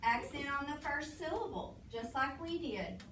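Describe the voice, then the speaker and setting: A woman's voice: sits high, expressive, normal speed. A woman reading teacher leading a classroom lesson, patiently prompting her pupils with questions. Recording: roomy, distant, noisy classroom recording.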